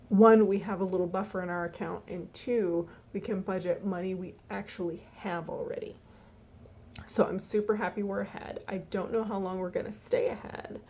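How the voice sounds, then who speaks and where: A woman walking through her family budget in a casual, halting way, tired and yawning, with lots of fillers. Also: medium pitch, mellow. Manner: chatty, halting, many fillers and restarts. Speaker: budgeting vlogger.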